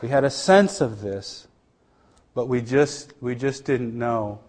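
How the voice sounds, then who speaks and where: Middle-aged man giving an earnest testimony. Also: medium pitch. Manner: earnest, halting storytelling with many restarts; drops to a hush at tender moments. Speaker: missionary. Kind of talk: personal testimony.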